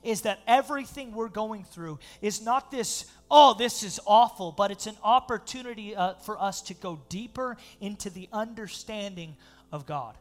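A male pastor preaching a sermon, reading scripture aloud and breaking into animated, laughing asides. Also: high-pitched, moderate pace.

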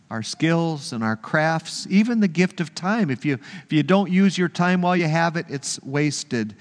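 A male pastor delivering a sermon, telling a story in an earnest, measured way. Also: on the high side, long reverb tail.

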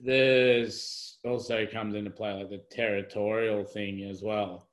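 A man's voice: lowish voice, level tone, measured pace, low-quality recording. A young man telling a story as a podcast guest over a video call, rambling with lots of fillers and laughs. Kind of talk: casual storytelling in conversation.

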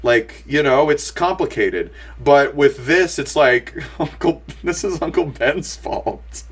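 A man's voice: on the high side, lively intonation, takes it slowly, breathy edge. A young man co-hosting a casual movie review chat, rambling with lots of fillers and restarts. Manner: rambling, many fillers and restarts, laughs often. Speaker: podcast co-host.

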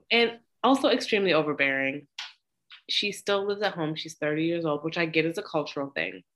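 A woman's voice: low-pitched, a little fast, slight background noise, poor audio. A young woman co-hosting a podcast, recapping a movie in casual, blunt and profane chat. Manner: blunt, profane, animated storytelling. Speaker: podcast co-host.

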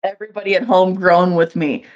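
A woman co-hosting a podcast in casual chat, playful and quick to laugh. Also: lowish voice, fairly even intonation, muffled recording. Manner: laughs easily, unhurried, playful. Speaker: podcast co-host.

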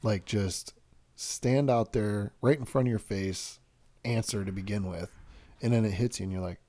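Husky, mellow woman giving support. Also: a bass voice, moderate pace. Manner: brief supportive replies. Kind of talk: supportive conversation.

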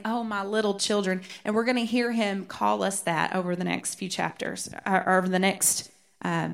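Earnest woman teaching scripture. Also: medium pitch. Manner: earnest, rereads verses slowly for emphasis. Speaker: Bible study teacher. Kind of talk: teaching a Bible study.

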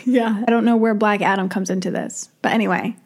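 A woman's voice: mid-range voice, fairly even intonation, a little fast. A woman co-hosting a casual film review chat, laughing often and quoting lines mockingly. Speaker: podcast co-host.

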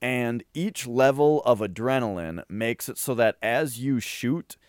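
A man in a casual podcast chat who rambles excitedly, with lots of fillers and restarts. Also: mid-range voice, a little slow, no echo, studio quality. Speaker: podcast co-host.

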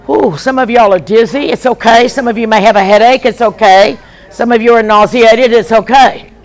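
A woman evangelist leading a deliverance prayer session in a large meeting hall, calling out forceful commands that are often shouted and leading the audience in call-and-response. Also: a little high, normal speed, some chatter behind.

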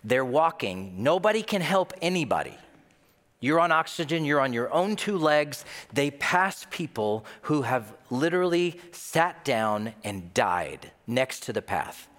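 A man's voice: medium pitch, big pitch swings, unhurried, a bit bright. A man preaching a sermon, telling a story vividly and acting out the voices of the people in it. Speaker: pastor. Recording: long hall reverb.

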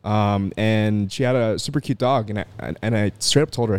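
A man co-hosting a podcast, telling anecdotes in a relaxed, casual way. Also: fairly low pitch, normal speed, few pauses, clean tone. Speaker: podcast co-host.

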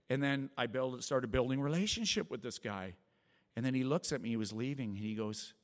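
A man's voice: a little fast, big-room sound. A man in his forties giving a rambling, earnest testimony sermon to a small church congregation, with many restarts. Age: 40s. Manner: rambling, earnest, with many restarts and acted quotes that rise high. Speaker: lay preacher sharing testimony.

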